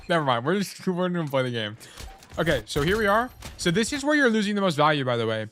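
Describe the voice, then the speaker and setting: A man's voice: a little high, very animated, fairly quick, a bit bright, slight background noise. A man coaching a player through a casual gameplay review, blunt, swearing freely and often correcting himself while he eats. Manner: talks while eating. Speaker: game coach.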